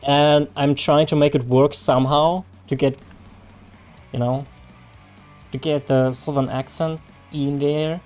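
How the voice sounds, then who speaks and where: This German-accented game streamer, a native speaker of German, has a voice on the high side with fairly even intonation and a darkish tone, delivered at a measured pace. He chats casually with viewers, answering aloud and restarting often, while faint music plays behind.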